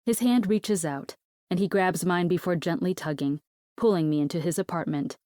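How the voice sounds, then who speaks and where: Woman, audiobook narrator, first-person romance, steady intimate delivery, lowish voice, dry close sound. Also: moderate pace, dry recording.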